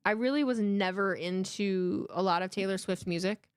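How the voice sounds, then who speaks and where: Streaming a live watchalong from her home, this thirty-something woman talks in an emotional, animated, casual way, often cursing and starting sentences over. Her pitch is medium and her delivery smooth at a moderate pace, captured in clean studio sound without echo.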